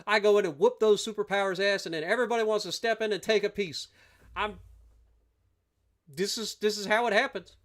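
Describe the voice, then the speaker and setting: A man's voice: sits high, a little fast, a bit bright. Profane ranting male game streamer. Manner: profane, ranting and swearing at the opponents. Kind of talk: live gameplay commentary.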